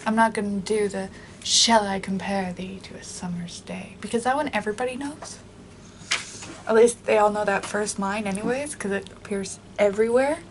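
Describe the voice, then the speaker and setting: A woman's voice: mid-range voice, moderate pace, slight background noise. A woman vlogging in a casual, rambling way, chatting and then reading poems aloud. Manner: chatty, rambling with many likes.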